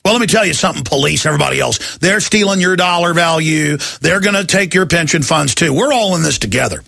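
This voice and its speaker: A man hosting a talk radio show, yelling and ranting about politics and mocking what he opposes in put-on voices. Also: fairly high pitch, lively intonation, quick pace, creaky. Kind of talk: impassioned political radio rant.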